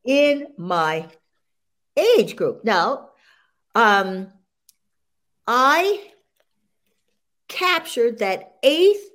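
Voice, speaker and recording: Animated older woman sprinter, high voice. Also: extremely slow, long pauses. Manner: animated, laughs often, proud. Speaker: interview guest, senior sprinter. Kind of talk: casual interview storytelling.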